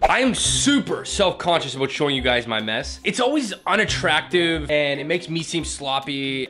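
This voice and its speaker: A man's voice: a little high, big pitch swings, normal speed, hardly any pauses, bright, forceful tone, faint music behind. A young man chatting casually in a vlog, playful and self-mocking as he talks to his viewers. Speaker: vlogger. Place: home, later in a car.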